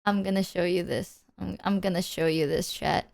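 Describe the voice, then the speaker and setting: A woman's voice: fairly low pitch, fairly even intonation, normal speed, gravelly, a little mellow. A woman streamer chatting casually with her viewers, playful and swearing freely, breaking into silly sung bits.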